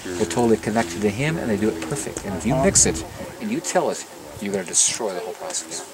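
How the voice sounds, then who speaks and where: A man from the Los Angeles area giving a garden tour, telling stories with lively energy and often repeating words as he starts his sentences. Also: on the low side, fast. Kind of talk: casual outdoor talk to a tour group. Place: outdoors in a garden with a crowd. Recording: distant outdoor recording with crowd noise.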